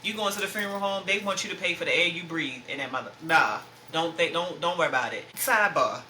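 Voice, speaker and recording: A woman's voice: lowish voice, sharp tone. A woman in her thirties, hosting a podcast, telling a painful personal story in a blunt, profane, raw way. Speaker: podcast host. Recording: roomy echo, faint background noise.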